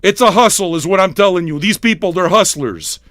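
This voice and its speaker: A man hosting a livestreamed record show, ranting with constant swearing, yelling and mocking impressions. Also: sits high, animated, a little fast, dry recording, clean studio sound. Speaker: livestream radio DJ. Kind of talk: profane comic rant.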